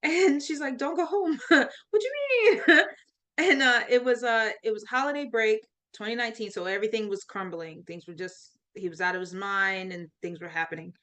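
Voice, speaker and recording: A woman's voice: mid-range voice, a little fast, hardly any pauses, a bit bright. A woman, a life coach, telling a personal faith story in an interview, laughing often and acting out quoted voices.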